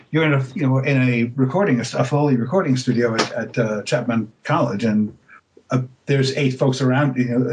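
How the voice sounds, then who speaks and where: A male voice actor being interviewed, telling stories in a relaxed, casual way with many fillers and restarts. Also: mid-range voice, muffled recording. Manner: relaxed storytelling, laughs easily.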